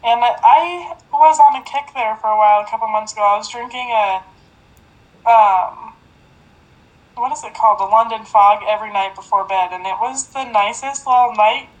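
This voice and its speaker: Laid-back young woman, slightly high voice. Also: moderate pace, poor audio. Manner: laid-back, blunt opinions, laughs at herself. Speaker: podcast co-host. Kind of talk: casual chat.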